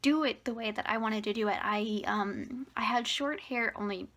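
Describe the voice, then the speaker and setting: Young woman in her twenties, slightly high voice, casual home vlog, hesitant and rambling with breathy half-whispered stretches, a bit winded. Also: moderate pace, fairly bright tone. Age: 20s. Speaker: vlogger. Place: at home near the fridge, indoors.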